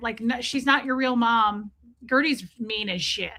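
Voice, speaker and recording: A woman on a casual live stream, rambling to her viewers about her pets. She talks in a bright, fairly high voice, swears freely and slips into goofy voices for her cats. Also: normal speed. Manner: chatty, profane, voices her pets in silly asides.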